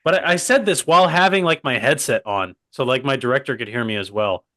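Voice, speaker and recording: Talking fairly quickly in a bright, forceful mid-pitched voice, a young man co-hosts a laid-back comedy podcast. He digresses constantly and leans on the phrase "by the way." No room echo is audible; the mic sits close and dry.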